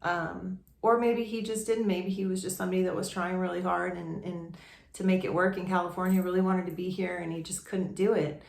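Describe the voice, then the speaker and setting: A woman's voice: lowish voice, little pitch movement, a little fast, creaky, darkish tone. A young adult woman vlogger telling a personal story in a casual, rambling way, with many restarts and fillers. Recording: echoey room.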